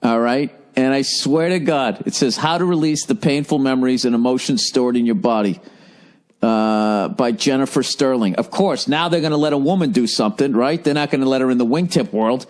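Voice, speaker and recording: A man's voice: mid-range voice, brisk, a little mellow. A middle-aged man with a Boston accent rants alone into the mic on his podcast. His delivery is sarcastic and full of swearing, and he rambles from tangent to tangent in an ordinary mid-range voice. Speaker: podcast host. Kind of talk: solo comedic podcast rant.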